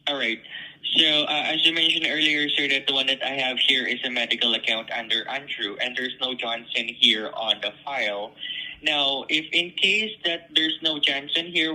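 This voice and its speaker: A man's voice: mid-range voice, steady tone, moderate pace, sharp tone. A man on a phone call as a debt collection caller, polite, patient and scripted.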